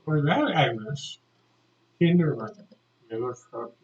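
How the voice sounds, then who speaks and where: Older man, slow, lively storytelling. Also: on the high side. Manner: animated, acts out shouted quotes. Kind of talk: telling a childhood story. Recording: dull lo-fi recording.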